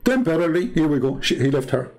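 Sex: man. Role: online commentator. Style: sarcastic video commentary. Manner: mocking, with a fairly high voice. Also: very animated, fast talker, a little mellow, rough recording. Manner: mocking, sarcastic, laughs at own jokes.

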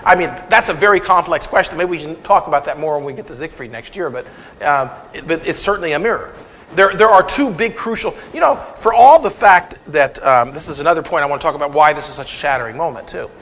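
A man giving a conversational lecture to an audience, animated and retelling scenes with quoted dialogue. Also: a little high, fast talker, slight background noise. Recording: long reverb of a lecture hall.

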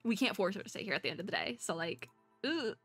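A young woman streaming a game, reading the story text aloud and excitedly talking back at the characters on screen. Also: mid-range voice, fast talker, slightly rough, dry recording, soft background music. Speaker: VTuber.

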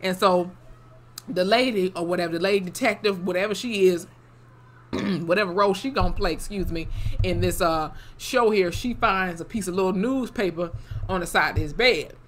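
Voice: medium pitch, moderate pace, a bit bright. A TV reviewer casually recapping an episode in a loose, slangy, profane way, full of fillers like "you know" and "or whatever".

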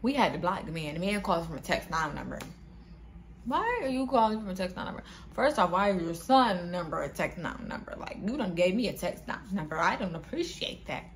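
A young woman vlogger telling a storytime to her viewers in an animated, slangy way, often calling them "y'all". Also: lowish voice, a little fast, hardly any pauses, a little hiss or hum. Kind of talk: casual storytime vlog.

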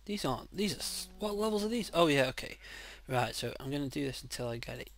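A man casually commenting on his own gameplay, excitable and quick to swear loudly when frustrated, speaking into a desk mic. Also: mid-range voice, over music. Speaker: gaming channel host. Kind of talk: casual let's-play commentary.

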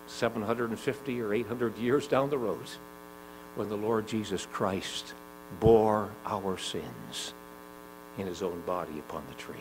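Emphatic male preacher with a faint hum. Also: lowish voice. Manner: emphatic, swinging between loud urgent climbs and soft slow drops; repeats phrases, asks the congregation questions. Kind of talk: sermon. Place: gospel hall.

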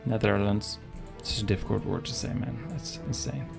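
A man's voice: lowish voice, quick pace, vocal fry, music in the background. A man casting a live strategy game match, joking and chatting with his viewers. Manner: joking, chatty, talks to the chat. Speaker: game caster. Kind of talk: live esports commentary.

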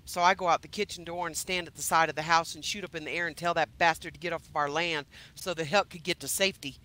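A woman's voice: lowish voice, steady tone, quick pace, few pauses, pushed and bright, no echo. A woman playing her own character in a roleplay game, heated, emphatic and swearing. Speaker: roleplay player.

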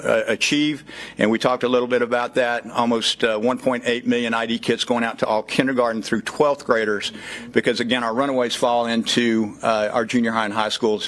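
A man's voice: medium pitch, a bit bright. A man in his fifties with a Southern Texas accent, giving a folksy speech at a press conference with frequent "uh" fillers. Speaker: child safety program speaker.

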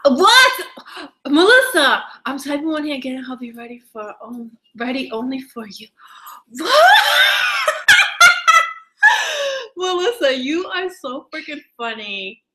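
A woman chatting casually on a live stream, greeting viewers one by one with drawn-out hellos and frequent giggles. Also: high voice, a bit bright, a little hiss or hum. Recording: echoey room.

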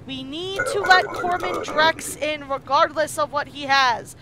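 A high-pitched woman with a sharp tone comments on a video game she's streaming, a little slow but with few pauses. It's let's play commentary, and she keeps muttering to herself under her breath while she plays.

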